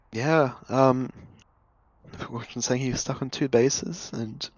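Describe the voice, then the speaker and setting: A man's voice: medium pitch, highs cut off. A man casting an esports match live, chatting casually with many ums and hesitations. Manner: animated, hesitant with many ums, laughs easily. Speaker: esports caster. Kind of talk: casual live game commentary.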